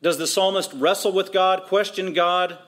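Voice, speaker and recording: A man's voice: high-pitched, fairly even intonation, fairly bright tone. Emphatic male pastor preaching. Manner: emphatic, repetitive preaching with quick asides. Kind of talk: sermon.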